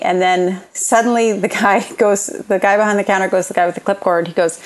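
A woman chatting on a podcast, telling a story with lively acted-out quotes and frequent laughter. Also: medium pitch, a little fast, hardly any pauses. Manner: animated storyteller, acts out quotes, laughs often. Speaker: podcast guest. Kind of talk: casual chat, storytelling.

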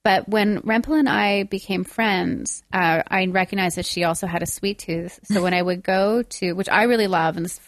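A woman's voice: medium pitch, steady tone, normal speed, hardly any pauses, no echo, studio quality. A woman co-hosting a casual podcast chat, telling stories with lots of fillers and feeling. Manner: chatty, emotional storytelling, many fillers. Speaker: podcast co-host.

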